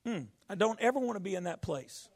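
A male pastor preaching a folksy sermon, rising to shouts. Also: high voice, lively intonation, brisk.

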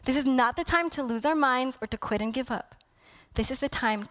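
A woman preaching a sermon with passion, dropping to a hush and then building to loud emphasis. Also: high-pitched, brisk. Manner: impassioned, swinging from hushed to loud emphasis.

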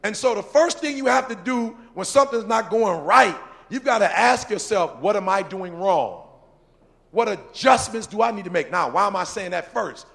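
Gravelly man preaching with emphasis. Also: high-pitched, expressive, normal speed, fairly bright tone. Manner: emphatic, repeats phrases, laughs between points; talks to men in the audience directly. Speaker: speaker leading a church discussion on leadership. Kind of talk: informal preaching talk with audience questions.

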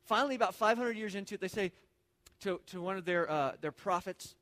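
A man's voice: high-pitched, a little fast, a bit bright. A man preaching a casual, conversational sermon in a church, talking informally and often repeating words as he thinks aloud. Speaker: pastor. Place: church sanctuary. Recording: long reverb of a large hall.

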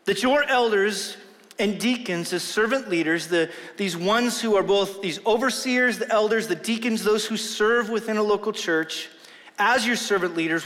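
In a big church sanctuary with long, hall-like reverb, a pastor gives an earnest, emphatic sermon peppered with self-deprecating humor. His voice is high and a little bright.

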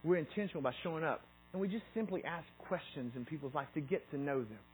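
A man's voice: a little high, animated, quick pace, faint music behind, rough recording. A middle-aged man giving a conversational sermon, often restarting his sentences and reading scripture aloud. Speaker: preacher.

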